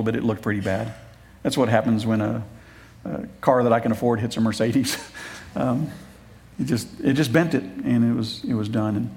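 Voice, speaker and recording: Man preaching a conversational sermon. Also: mid-range voice. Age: middle-aged. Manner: conversational, joking asides, warm appeals. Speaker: pastor. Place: church.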